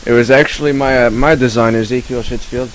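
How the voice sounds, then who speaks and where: A man plays an unhinged rock guitarist who rambles and stumbles through absurd stories in a mid-pitched, ordinary voice. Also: fairly even intonation, fast, a little hiss or hum, lightly acted, poor audio. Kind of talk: improvised comedy interview.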